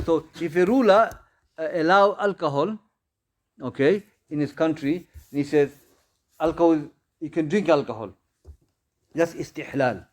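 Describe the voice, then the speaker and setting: A man teaching an informal Islamic studies class, answering students' questions in a conversational way, with many repeats and restarts. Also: fairly high pitch. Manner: conversational, repeats phrases, frequent restarts and fillers.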